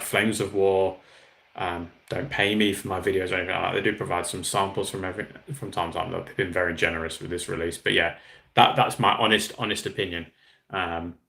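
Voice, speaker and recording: Male streamer, casual and self-deprecating, deep voice with noticeable vocal fry. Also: a bit bright. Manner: rambling, chatty, self-deprecating. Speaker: livestream host. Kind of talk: casual live-stream chat, reading viewer comments.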